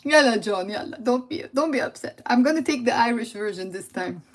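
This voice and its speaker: A woman with a Lebanese accent runs a live language lesson, repeating words and calling out to viewers by name. She laughs easily and keeps the tone playful. Her voice sits a little high. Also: moderate pace. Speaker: Lebanese Arabic teacher. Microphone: phone or computer mic on a livestream.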